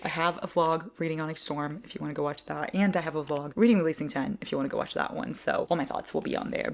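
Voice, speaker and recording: A young woman talks casually from home for her book vlog, chatty and self-mocking. She swears freely. Her voice sits low, with a gravelly fry. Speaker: book vlogger. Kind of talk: casual, rambling vlog chat.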